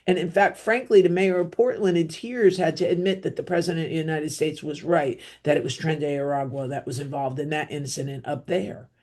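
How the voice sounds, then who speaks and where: A woman's voice: deep voice, fairly even intonation, a little fast, hardly any pauses, a little mellow. A middle-aged woman with a New Jersey accent hosting a solo podcast, talking bluntly and rambling, with offhand asides and plenty of fillers. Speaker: podcast host. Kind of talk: opinionated solo podcast monologue.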